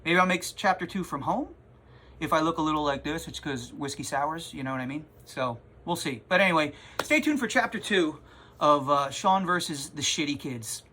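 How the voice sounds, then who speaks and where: A man who runs a comic shop, telling a rambling, animated story in a casual vlog from his store. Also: fairly high pitch, normal speed, a little hiss or hum. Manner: rambling, animated, self-interrupting.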